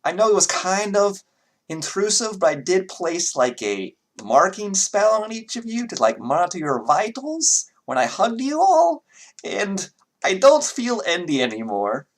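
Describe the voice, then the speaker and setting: A man voicing a caring, hurried woman healer who speaks into people's minds, anxious and apologetic, tripping over her words in a higher, softer voice. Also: big pitch swings. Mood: worried.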